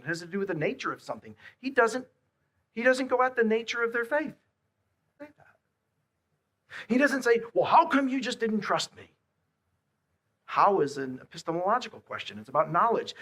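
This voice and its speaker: A man preaching a sermon, swinging between hushed, quiet lines and loud, emphatic repeated questions. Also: high voice, big pitch swings, fairly quick. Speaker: pastor.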